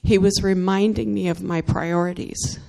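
A church member gives an earnest, emotional testimony during worship, laughing between phrases and becoming more fervent as she continues. Her medium-pitched voice is creaky and a little mellow, with fairly even intonation and a moderate pace.

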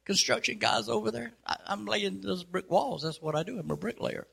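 Give me a man playing a deadpan talking duck, matter-of-fact, slightly gravelly. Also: high voice, normal speed, pitched above the performer's own voice, exaggerated voice.

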